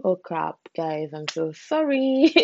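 This podcast host is a young British Caribbean woman talking on her own in a relaxed, chatty way, often laughing at herself with lively shifts in emphasis. She has a deep voice and speaks slowly. The audio is muffled, with slight background noise.

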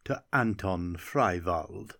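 A man voicing a smug, scheming court wizard who speaks in a smooth, insinuating way. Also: deep voice, lively intonation, sharp tone, heavily acted. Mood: sly smug. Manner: smooth, sly, deliberate.

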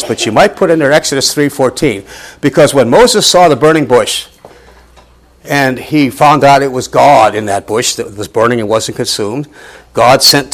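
Guy teaching bible study at church, lively up and down voice, chatty but emphatic. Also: medium pitch. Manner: animated, emphatic, conversational teaching.

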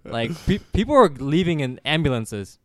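A man's voice: on the high side, moderate pace, no room sound, clean studio sound. A young adult man on a casual chat, telling stories animatedly, swearing and acting out quotes. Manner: animated, profane, acts out quotes. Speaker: podcast guest. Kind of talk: casual storytelling.

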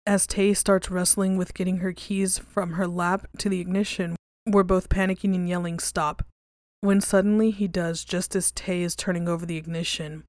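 A woman hosting a podcast, reading creepy stories aloud and then chatting casually, relaxed and conversational, with some swearing. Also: lowish voice, normal speed, few pauses, no echo, studio quality.

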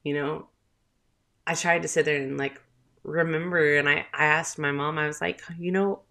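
A woman's voice: sits low, flat delivery, normal speed, vocal fry, sharp tone. A woman in her thirties with a Southern US accent, a host and mother chatting casually in a rambling storytelling way. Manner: chatty, rambling, with filler words and laughs.

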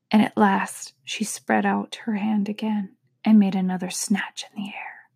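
A woman reading a storybook aloud in an unhurried, soft-spoken way, sometimes dropping to a whisper. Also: mid-range voice, little pitch movement, gravelly, slightly rough, dry recording, clean studio sound. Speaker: podcast reader.

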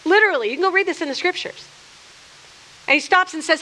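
A woman's voice: very high voice, expressive, fast, pushed and bright. A woman giving an earnest, conversational sermon to a group in a room, chatty and full of restarts, acting out quotes as she goes. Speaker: speaker leading a church workshop.

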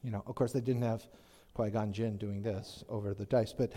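A man's voice: on the low side, steady tone, normal speed, mellow. A man preaching a conversational sermon, chatty and joking, asking the congregation questions. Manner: chatty, asks the congregation questions, jokes in asides.

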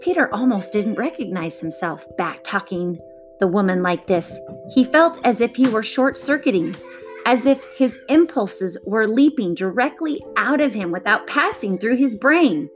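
A woman reading a novel aloud, steady and measured in her delivery. Her pitch is middling, and soft music plays underneath. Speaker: reader.

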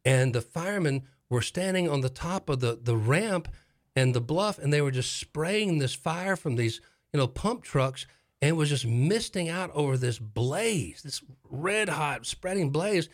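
A middle-aged man hosting a talk show, telling a dramatic story in a casual, animated way with repeated phrases for effect. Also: a little high, a little slow.

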